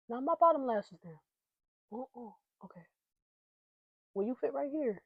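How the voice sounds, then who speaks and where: A woman's voice: on the high side, very animated, moderate pace, pauses often, husky, no echo, highs cut off. A young woman hosting her podcast, chatting casually and playfully to herself while doing her makeup. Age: young adult. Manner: playful, giggly, talks to herself. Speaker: podcast host.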